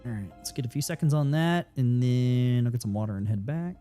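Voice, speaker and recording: A man's voice: medium pitch, a little fast, warm tone, soft background music. A man chatting casually while streaming a game, rambling and swearing freely, his throat dry. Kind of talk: casual gameplay commentary. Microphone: studio desk mic.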